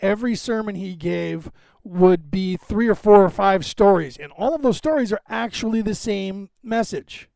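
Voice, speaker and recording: A self-assured man rambles through his podcast with a gravelly rasp in his voice, which sits a little above the usual male pitch. He drifts off on tangents and asides. The recording is dry and close, with no room sound. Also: moderate pace, darkish tone, no echo. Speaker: podcast host. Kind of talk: rambling casual monologue.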